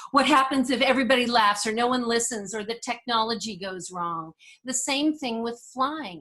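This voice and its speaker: A woman teaching a resilience workshop, a lively storyteller who acts out dialogue and talks straight to her listeners. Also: mid-range voice. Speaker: resilience instructor. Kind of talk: motivational workshop talk.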